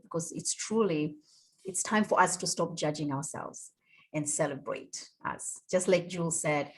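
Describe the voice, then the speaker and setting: A woman hosting a radio talk show, thanking and affirming her guests with some restarts. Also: sits low. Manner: warm, affirming, with fillers and restarts. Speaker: host.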